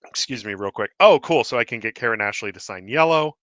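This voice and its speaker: A man hosting a live show in casual chat, rambling and excitable with many fillers and restarts, a little out of breath. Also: mid-range voice, fast talker, no room sound. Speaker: host. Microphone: desk mic with cord.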